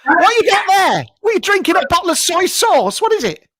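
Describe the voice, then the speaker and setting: A man's very high-pitched, heavily acted voice swings widely in pitch and runs a little fast, recorded with no room sound. His character is a camp, brash TV psychic in middle age, presenting a live show from his home garage, blunt and rude, mock-mystical, and loud with his greetings during an improvised comedy stream.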